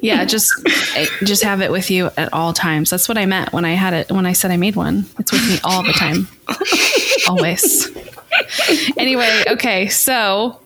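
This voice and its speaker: A woman's voice: medium pitch, a little slow, very noisy. A woman co-hosting a podcast, talking in an upbeat, encouraging way to her listeners. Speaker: podcast co-host. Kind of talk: casual chat.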